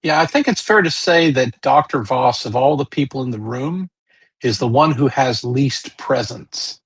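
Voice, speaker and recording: A game master narrating a tabletop game, setting scenes slowly and checking in with the players. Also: mid-range voice, animated, husky. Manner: slow, measured scene-setting with check-in questions.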